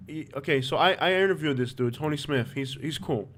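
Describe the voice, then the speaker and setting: A man's voice: fairly high pitch, a little fast, a bit bright. A man hosting a live stream, chatting casually and rambling with lots of fillers. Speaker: YouTube host.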